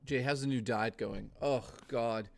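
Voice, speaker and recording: A young adult man chatting casually on a live stream, ranting with lots of swearing and quick laughs. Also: medium pitch, steady tone, vocal fry. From Canada.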